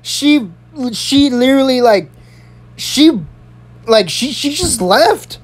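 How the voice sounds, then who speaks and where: A young adult in their early twenties telling a school story in a profane, animated, rambling way. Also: high voice, slow pace. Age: early 20s. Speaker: vlogger. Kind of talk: storytime vlog.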